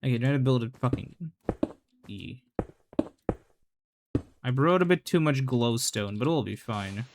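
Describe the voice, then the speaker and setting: A man's voice: mid-range voice, a little slow, long pauses, background noise. A man casually commenting while he plays a game, rambling with lots of fillers and the odd swear. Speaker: gaming channel host.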